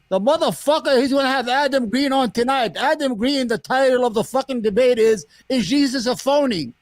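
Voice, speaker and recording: A man's voice: extremely high pitch, animated, a little fast, few pauses, no room sound. A man hosting a podcast, telling a story in a heated, profane casual rant. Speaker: podcast host. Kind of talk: casual current-events rant.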